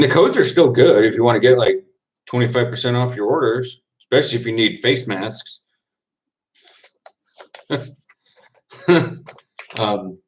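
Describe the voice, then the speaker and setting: A man's voice: medium pitch, slight background noise. A man with a mid-range voice chats casually with his stream viewers. He is loose and rambling, and laughs easily between thoughts. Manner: laid-back and rambling, laughs often, quick asides. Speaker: football player chatting with viewers on stream. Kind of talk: casual livestream chat, answering comments.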